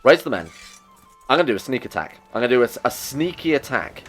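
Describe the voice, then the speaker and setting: A man hosting a strategy game playthrough, talking excitedly to his in-game characters and joking at his own mistakes. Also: medium pitch, quick pace, faint music behind. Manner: self-mocking asides. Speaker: gaming video host. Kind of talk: let's play commentary.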